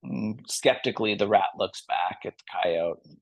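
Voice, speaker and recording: A man leading a yoga class, guiding gently and telling a story between poses. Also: lowish voice, unhurried, slightly rough. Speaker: yoga teacher.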